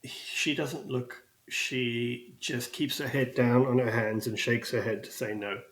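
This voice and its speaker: A man's voice: mid-range voice, level tone, unhurried, fairly bright tone. A man narrating as game master in a casual way, with many fillers. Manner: casual, fillers, laughs easily. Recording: echoey room.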